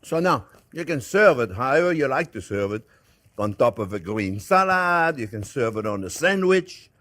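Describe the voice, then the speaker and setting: Middle-aged male cooking host, chatty and animated, tells stories while he cooks, mid-range voice. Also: mid-range voice, moderate pace. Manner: chatty, animated storytelling, exclamations. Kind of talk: casual cooking demonstration.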